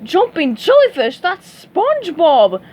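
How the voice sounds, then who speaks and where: Grumpy crab boss guy, a woman reading does him, loud and huffy. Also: extremely high pitch, huge pitch swings, takes it slowly, muffled recording, voice pushed up, exaggerated voice. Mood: indignant. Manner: loud and indignant. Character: gruff older male crab boss, stingy.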